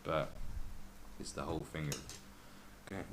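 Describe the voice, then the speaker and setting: A man's voice: medium pitch, sing-song, normal speed, vocal fry. A man hosting a podcast, ranting in casual, profane chat and mimicking other people's voices. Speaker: podcast host. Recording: noisy background.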